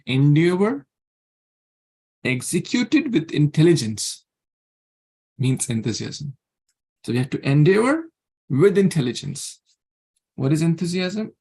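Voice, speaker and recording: A man's voice: fairly high pitch, warm tone, husky. A man leading an online scripture class. He speaks earnestly, keeps repeating his key words and chuckles now and then. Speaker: class leader.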